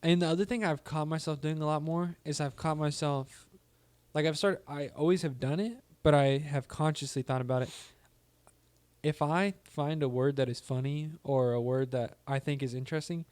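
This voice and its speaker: A man's voice: a little high, fairly even intonation, normal speed, darkish tone, dry recording. A young man co-hosting a casual podcast, rambling goofily and saying "dude" a lot. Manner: rambling, goofy, says "dude" and "freaking" often. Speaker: podcast co-host.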